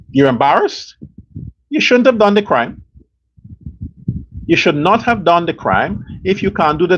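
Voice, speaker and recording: A man hosting a political commentary show, ranting angrily with profanity, scorn and rhetorical questions. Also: high voice. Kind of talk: angry political rant. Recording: dull lo-fi sound with faint noise.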